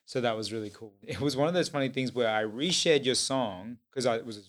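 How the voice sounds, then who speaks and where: A man's voice: medium pitch, fast talker. Rambling male podcast host. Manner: rambling, with many fillers. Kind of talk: casual podcast chat.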